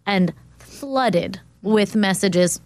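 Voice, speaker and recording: A woman's voice: medium pitch, drawn-out words, dry recording. A woman in casual conversation, speaking in an encouraging, supportive way. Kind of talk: casual chat.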